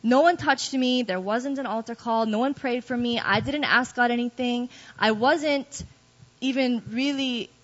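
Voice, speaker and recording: A somewhat high-pitched woman tells her church testimony in a candid, self-mocking way. The recording sounds dull and lo-fi. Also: measured pace. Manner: candid, self-deprecating storytelling with laughs. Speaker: guest speaker giving testimony.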